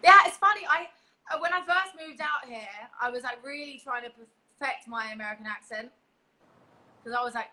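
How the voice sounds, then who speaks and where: A young woman with an English accent talks in a loose, chatty way and laughs often. Her voice sits a little high and sounds clear and bright. She hops from one thought to the next. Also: a little fast, low-quality recording. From England. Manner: giggly, chatty, scattered. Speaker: podcast guest. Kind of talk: casual chat.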